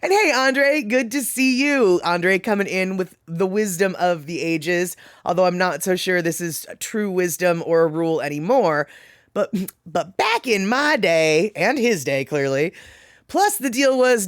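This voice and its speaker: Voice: medium pitch, unhurried, a bit bright, clear, resonant tone, dry recording, studio quality. Chatty streamer rambling and laughing. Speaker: livestream host reading chat. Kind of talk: casual chat.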